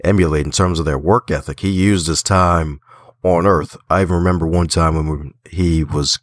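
Deep-voiced man, lively folksy storyteller. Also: moderate pace, no echo. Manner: animated storyteller, folksy phrasing, laughs often. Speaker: interview guest, author and podcaster. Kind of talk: casual conversational interview.

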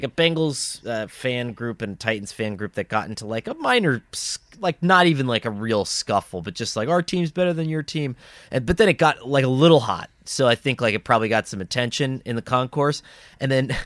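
A man's voice: medium pitch, a bit bright, no echo, clean studio sound. A man co-hosting a sports podcast, telling rambling stories in casual chat and laughing as he talks. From US Northeast. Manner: rambling storyteller, laughs mid-sentence. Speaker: podcast co-host.

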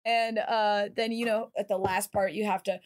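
A woman streamer chatting casually, telling an animated story with a lot of swearing. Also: mid-range voice. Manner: animated storyteller, swears freely, quick asides. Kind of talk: casual chat.

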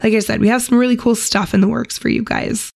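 A woman co-hosting a podcast, her congested voice ragged, nasal and full of gravelly fry. She chats loosely and rambles as she signs off. The recording is close and dry. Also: on the high side, fairly even intonation, fast talker, a little mellow, no echo. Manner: chatty, rambling, breaks into laughs. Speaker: podcast co-host. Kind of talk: casual podcast sign-off chat.

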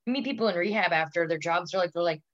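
Woman, thirties, comedian guest, rambling chatty storyteller, lowish voice, dull lo-fi dry mic. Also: quick pace, fairly bright tone, no room sound. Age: 30s. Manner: rambling storyteller, filler-heavy "like". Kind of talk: casual podcast chat.

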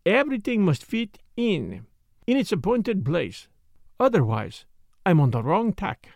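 A man voicing a fussy, excitable older male detective who speaks precisely and emphatically, at times muttering to himself. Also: high voice, unhurried, vocal fry, no room sound, full character voice. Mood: excited. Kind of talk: audiobook character voice.

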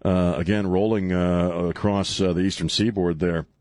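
A man's voice: deep voice, steady tone, moderate pace, a little mellow, no echo. A man hosting a talk radio show, chatting casually with many fillers and restarts. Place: radio studio. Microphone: studio microphone.

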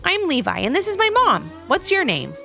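A woman voicing an excited, eager young boy in a children's story. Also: extremely high pitch, normal speed, vocal fry, soft background music, pitched above the performer's own voice, exaggerated voice.

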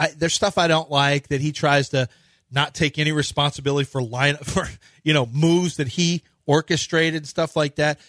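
A man's voice: a little high, a bit bright, dry recording, studio quality. A man hosting a sports talk radio show, rambling and opinionated with emphatic points.

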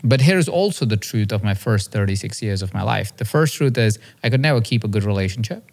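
A man's voice: fairly low pitch, expressive, brisk, darkish tone. Earnest man telling a personal story. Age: 30s. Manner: earnest and confessional, with frequent "right?" checks. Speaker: podcast host and coach.

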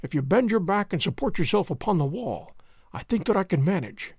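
A man voicing a cool, shrewd male detective who speaks in a calm, measured, wry way in a storybook reading. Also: high voice, gravelly, husky, dry recording, clean studio sound, full character voice.

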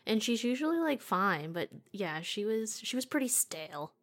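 A woman's voice: medium pitch, very animated, normal speed, a bit bright. A woman co-hosting a casual movie chat, chatty and giggly, with lots of fillers. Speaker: podcast co-host.

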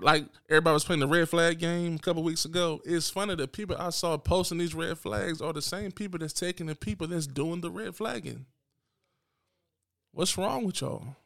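A man's voice: fairly high pitch, creaky, fairly bright tone, dry recording, studio quality. Blunt man ranting on a podcast. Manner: blunt, unapologetic, talks straight to listeners. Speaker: podcast host. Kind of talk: solo podcast rant.

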